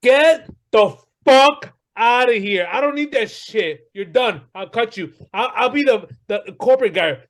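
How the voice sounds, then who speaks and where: Ranting high-voiced man cursing. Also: expressive, a little slow, few pauses, fairly bright tone. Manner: profane, ranting, heated. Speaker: podcast co-host. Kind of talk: casual sports chat.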